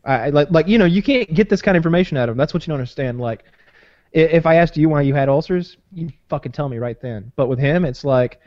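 A man's voice: a little high, fast talker, darkish tone, no room sound, muffled recording. A man hosting a podcast in casual, profane banter, rambling with lots of fillers and restarts. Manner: rambling, swears often, many fillers and restarts.

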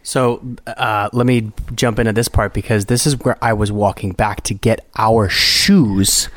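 Man telling a story in measured chat. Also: on the low side, fairly even intonation, a bit bright, dry recording. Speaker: podcast co-host, husband.

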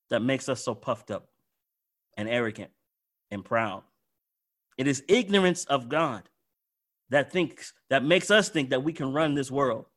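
Guy preaching, fairly high voice, punchy repeats, drops soft then swells up loud. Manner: emphatic, swings from soft to loud with repetition. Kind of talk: sermon.

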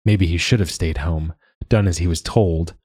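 Male audiobook narrator, very deep, husky, dry close mic. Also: moderate pace, darkish tone, no room sound.

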